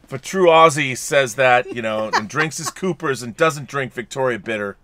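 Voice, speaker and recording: A man's voice: mid-range voice, moderate pace, noisy background. A man co-hosting a livestream podcast, chatting casually and reading out viewer messages with playful asides. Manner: animated, reads chats aloud with playful voices. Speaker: podcast co-host.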